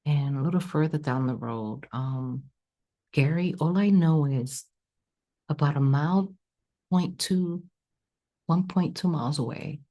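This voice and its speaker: A woman psychic medium telling a personal story in an interview, animated and acting out the dialogue. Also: sits low, a little slow, pauses often. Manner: animated, acts out quoted dialogue. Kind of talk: emotional storytelling.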